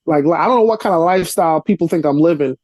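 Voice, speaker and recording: A man from Brooklyn spins a story on a video call, his voice mellow and dark in tone. The sound is dry, with no room around it. He acts out the people in his story, jumping higher as he does. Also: fast, dry recording. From Brooklyn, New York. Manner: animated storyteller, acts out dialogue with rising pitch. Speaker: actor and comedian guest. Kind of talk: casual storytelling interview. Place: cluttered apartment room.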